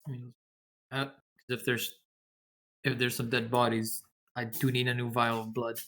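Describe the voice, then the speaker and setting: A man at a tabletop game, chatting in an offhand way with easy laughs. His pitch is middling and his talk is casual. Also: flat delivery, normal speed, fairly bright tone. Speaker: player.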